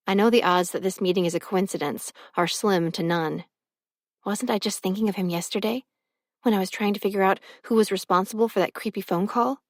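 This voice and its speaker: A woman's voice: mid-range voice, dry recording, clean studio sound. Woman narrating a first-person audiobook.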